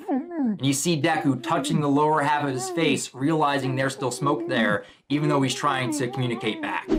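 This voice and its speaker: A man's voice: on the high side, lively intonation, normal speed. A man casually commenting on a manga chapter as he reads it aloud, narrating what happens in each panel. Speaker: manga reaction YouTuber.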